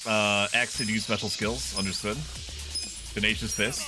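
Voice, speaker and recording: A man's voice: fairly low pitch, steady tone, moderate pace, over music. Laid-back swearing male game streamer. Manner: chatty, laughing, swears freely. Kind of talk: casual live gameplay commentary.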